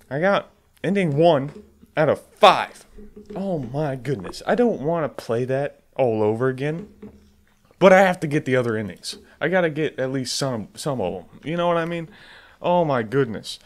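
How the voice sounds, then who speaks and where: A man playing a horror game on camera, swearing often and yelping loudly when startled. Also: mid-range voice, animated, normal speed. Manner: swears a lot, bursts into loud startled yelps. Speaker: let's play gamer.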